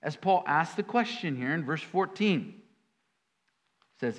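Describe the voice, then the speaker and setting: A man preaching a sermon in an animated way, with sudden emphatic jumps and folksy asides among his scripture readings. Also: on the high side, slow pace, pauses often. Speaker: pastor.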